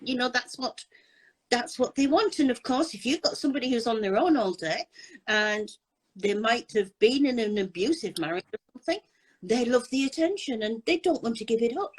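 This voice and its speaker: A woman's voice: fairly high pitch, expressive, moderate pace, husky, rough recording. An older woman talking casually and bluntly about scammers on a live chat. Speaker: anti-scam advocate.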